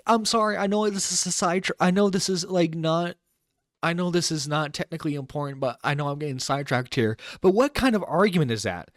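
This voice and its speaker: A man's voice: fairly high pitch, animated, brisk, no room sound. A man hosting a live stream, reacting to a clip in an exasperated, incredulous rant with some swearing, close to the mic. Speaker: internet radio host reacting to a clip.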